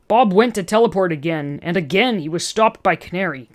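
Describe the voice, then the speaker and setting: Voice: medium pitch, animated, a little fast, few pauses. A reader narrating a fan story aloud, breaking in with chatty asides and chuckles between passages.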